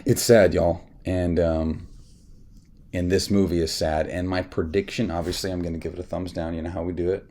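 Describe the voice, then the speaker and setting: Man, very deep voice, gravelly, animated rant, casual movie reaction host. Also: normal speed. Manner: animated, ranting, frequently says y'all. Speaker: film reviewer and channel host.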